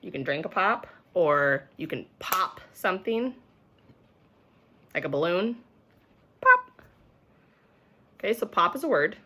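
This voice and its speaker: A woman's voice: on the low side, expressive, moderate pace, sharp tone. A young woman teaching a remote phonics lesson to young children, patiently sounding out words, recorded on a camera mic at home.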